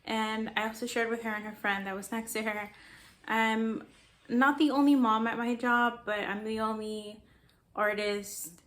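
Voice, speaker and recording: Chatty young woman with a flat delivery. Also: a little high, a little slow. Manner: rambling, chatty, sidetracked. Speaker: artist vlogger. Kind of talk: casual storytelling vlog.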